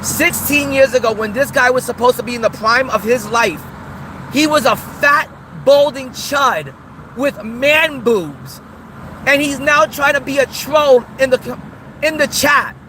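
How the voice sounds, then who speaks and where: A man's voice: very high-pitched, expressive, a little slow, pushed and bright, a little hiss or hum, poor audio. A man hosting a livestream, ranting in a taunting, mocking, repetitive way. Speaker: streamer host. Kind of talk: livestream rant.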